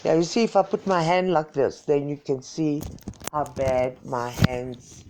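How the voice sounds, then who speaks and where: Woman, Greek accent, unhurried, wandering live-stream chatter into a phone. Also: deep voice, fairly even intonation, noisy background. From Greece. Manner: rambling, forgetful, switching into Greek. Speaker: vlogger. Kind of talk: casual live-stream chat. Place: home, indoors.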